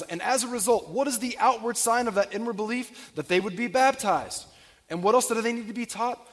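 A man's voice: sits high, animated, normal speed. A man preaching a Sunday sermon to his congregation, often checking in with questions to the room. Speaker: pastor. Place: church sanctuary. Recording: long reverb of a church hall.

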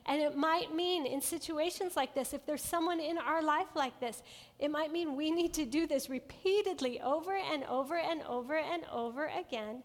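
A woman teaching a Bible study to a women's group in an earnest, gentle way, often checking in with her listeners. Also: high voice, normal speed. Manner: asks the audience frequent check-in questions. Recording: long hall reverb.

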